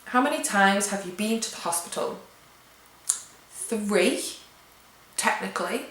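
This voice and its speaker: A woman's voice: medium pitch, lively intonation, unhurried, fairly bright tone. Chatty young English woman, echoey room. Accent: British. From England. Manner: chatty, reads questions aloud and answers offhand. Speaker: vlogger. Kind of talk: casual tag video chat.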